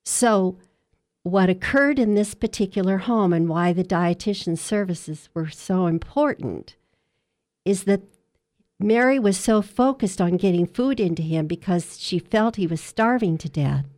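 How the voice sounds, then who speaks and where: A woman working as a hospice dietitian, telling a patient's story in an interview with earnest, measured storytelling. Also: medium pitch, lively intonation, darkish tone.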